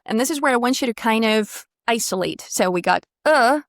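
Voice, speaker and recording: A woman's voice: fairly high pitch, animated, fairly quick, dry recording. Encouraging woman voice coach, dry sound. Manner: encouraging, models sounds and sings them out. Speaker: voice and pronunciation coach. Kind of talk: one-on-one pronunciation lesson.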